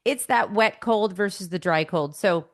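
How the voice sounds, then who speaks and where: A woman in her late forties from Northern California, a podcast guest and actress, telling stories in a chatty, animated way over a computer call. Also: medium pitch, a little slow, no echo, clean studio sound. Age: late 40s. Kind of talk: casual conversation.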